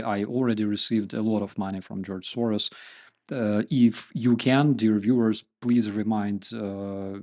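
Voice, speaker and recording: A man's voice: lowish voice, darkish tone. A man with a Ukrainian accent, hosting his channel and chatting casually with viewers, joking and using many fillers. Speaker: channel host. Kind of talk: casual chat with viewers, reading comments.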